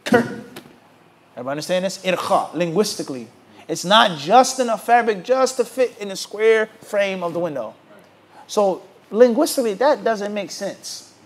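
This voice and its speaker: High-voiced man teaching a religious class. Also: moderate pace. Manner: rhetorical questions asked to the audience; animated, emphatic. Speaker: Islamic teacher.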